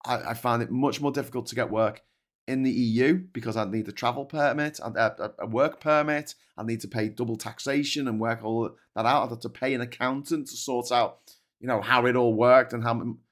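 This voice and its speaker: A middle-aged man with a Scouse accent hosting a livestream, ranting angrily and bluntly with heavy swearing, then reading out viewer comments. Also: mid-range voice. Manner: angry, profane, blunt. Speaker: host.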